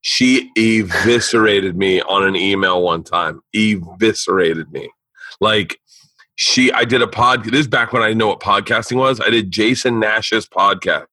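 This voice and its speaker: A man with a bright, forward voice tells a rambling story on a podcast, swearing freely and restarting his sentences. The sound is close and dry, with almost no room in it. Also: on the low side, unhurried, no room sound, low-quality recording. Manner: animated, profane storytelling with frequent restarts. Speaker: podcast host. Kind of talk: casual storytelling chat. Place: indoor home studio.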